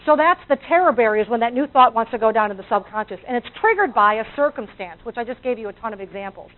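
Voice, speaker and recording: A woman's voice: on the high side, expressive, fast. A woman giving a motivational talk to a live audience, acting out inner voices and asking the audience questions. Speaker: motivational speaker. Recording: tinny, phone-like audio.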